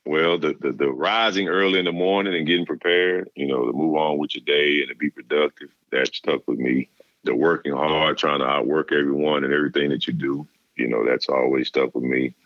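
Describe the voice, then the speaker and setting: A middle-aged man, a former player and interview guest, telling stories in a relaxed way and acting out the dialogue. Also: very deep voice, a little fast, no room sound. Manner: relaxed storyteller, acts out quoted dialogue. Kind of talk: casual interview storytelling. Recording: dull lo-fi dry sound.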